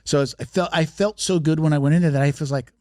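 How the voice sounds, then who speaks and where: Podcast guest, male, rapid emphatic storyteller, dry close sound. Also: on the high side, warm tone, no echo. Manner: storytelling, emphatic, with many restarts. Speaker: martial arts marketing expert, podcast guest. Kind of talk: casual podcast conversation.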